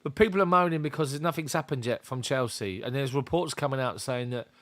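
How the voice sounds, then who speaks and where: A man's voice: medium pitch, fast talker, a bit bright, no room sound. A man hosting a casual football fan live stream, talking bluntly and greeting viewers by name. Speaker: football fan channel host.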